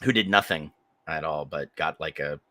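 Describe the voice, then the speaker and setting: Deep-voiced, profane storytelling podcaster. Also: male voice, normal speed, dry recording. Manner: rambling, profane, animated. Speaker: podcast co-host. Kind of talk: casual storytelling chat.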